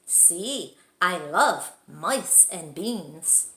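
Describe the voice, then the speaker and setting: A woman voicing an excitable young male kitten who thinks he's a Chihuahua, with a put-on Spanish accent and a bouncy, theatrical, sing-song delivery. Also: medium pitch, unhurried, roomy sound. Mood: playful. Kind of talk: storybook read-aloud voice.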